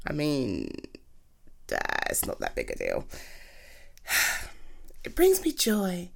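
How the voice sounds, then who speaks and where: A woman's voice: sits low, gravelly. A woman performing a romantic comfort audio roleplay, gushing and reassuring as she speaks to an unseen partner. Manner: slow, lively, swooping speech.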